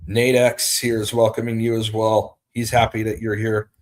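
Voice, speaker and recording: A man's voice: fairly low pitch, flat delivery, moderate pace. A man hosting a casual livestream, rambling and greeting viewers as they arrive. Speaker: livestream host.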